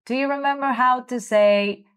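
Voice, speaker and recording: A woman hosting a vocabulary lesson, speaking slowly and clearly, prompting listeners to repeat words and encouraging them. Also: high voice, noisy background. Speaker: language teacher host. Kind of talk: slow vocabulary drill lesson.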